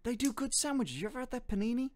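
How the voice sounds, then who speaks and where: A young man streaming, chatting casually with quick jokes and frequent swearing. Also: extremely high pitch, lively intonation. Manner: fast, joking, swears often, laughs a lot. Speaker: streamer host.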